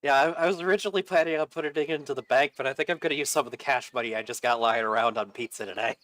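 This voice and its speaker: A man's voice: mid-range voice, rapid-fire, fairly bright tone, no echo. A man co-hosting a game stream, talking casually to chat, rambling and restarting his sentences and laughing at himself. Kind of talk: casual chat while gaming.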